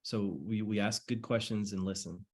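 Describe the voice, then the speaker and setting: A man's voice: lowish voice, steady tone, moderate pace. A man coaching network marketers on a call, chatty and repetitive, acting out sample dialogues. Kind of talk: casual coaching talk on a call.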